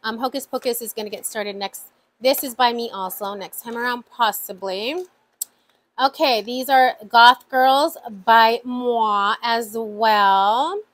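A woman vlogging about her savings challenges, chatting excitedly to viewers and counting money out loud. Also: fairly high pitch, takes it slowly, poor audio. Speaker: budgeting vlogger. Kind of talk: casual vlog talk to viewers.

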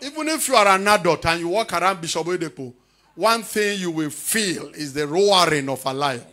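A middle-aged man, preaching a charismatic sermon loudly and often shouting. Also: sits high, lively intonation, moderate pace. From Nigeria. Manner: loud preaching with frequent shouting. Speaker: pastor.

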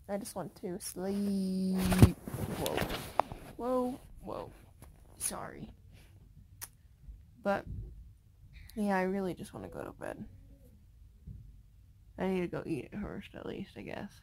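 A tired young woman rambling casually to her phone camera in a vlog, sleepy and unhurried. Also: medium pitch, vocal fry, warm tone, slight background noise. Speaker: vlogger. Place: car, bed, then walking outdoors at night.

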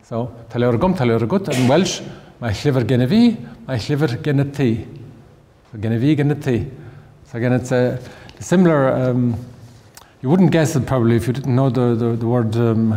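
A man's voice: medium pitch, mellow. Man lecturing in a reverberant hall. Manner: halting, many restarts and fillers, slow spelled-out examples. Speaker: language lecturer. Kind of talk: informal festival talk.

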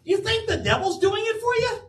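An older man preaching an animated, emphatic sermon as pastor of his church, acting out quoted asides. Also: extremely high pitch, brisk. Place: church sanctuary. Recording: roomy church sound from a distance.

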